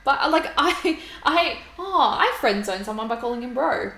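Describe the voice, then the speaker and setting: A woman's voice: sits high, expressive, moderate pace, pushed and bright. A young woman, co-hosting a podcast in casual chat, reading listener stories aloud and laughing often. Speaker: podcast co-host. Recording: echoey room.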